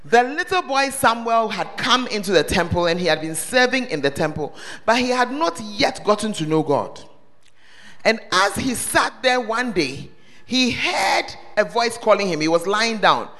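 A man preaches to his congregation in a sharp, very high voice that swoops up and down. He quizzes them directly and breaks into sudden shouts. His voice rings out with the long echo of a large hall. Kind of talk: sermon. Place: church service hall.

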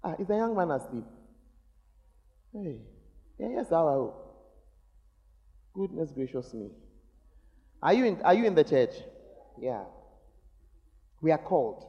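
A middle-aged male pastor preaching a sermon, teasing the congregation with sudden shouts. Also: on the high side, very animated, measured pace, long pauses, dull audio. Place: large church. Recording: long reverb of a large church hall.

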